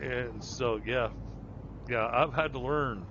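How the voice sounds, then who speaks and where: A man's voice: medium pitch, slow pace. Man, casual gaming chat, rambling, self-deprecating, muffled lo-fi mic, noisy. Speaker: streamer and project manager. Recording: dull lo-fi mic with noise.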